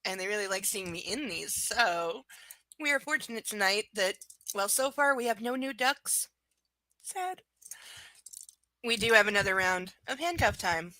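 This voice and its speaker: A woman with a mid-range, bright, forceful voice speaks at a normal, animated pace, recorded without room sound but in low quality. She's livestreaming a reading of a novel and keeps breaking off between passages for chatty, joking asides.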